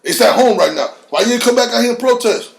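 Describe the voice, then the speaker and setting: A gravelly man with a fairly high voice hosts his own podcast in a bare, echoey room. He rants with heat and plenty of profanity. His voice drops low, then jumps up into shouts. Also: lively intonation, quick pace. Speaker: podcast host. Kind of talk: heated solo podcast rant.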